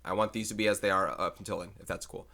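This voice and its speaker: A man's voice: low voice, fairly even intonation, fast talker, pushed and bright. A man teaching math in a recorded lecture, chatting and thinking aloud as he works through problems.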